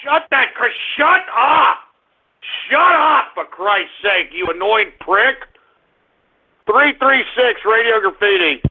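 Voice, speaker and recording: Man, radio talk host, very high husky voice, exasperated, phone-like sound. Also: lively intonation, unhurried. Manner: exasperated, yelling at callers. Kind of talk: call-in radio show.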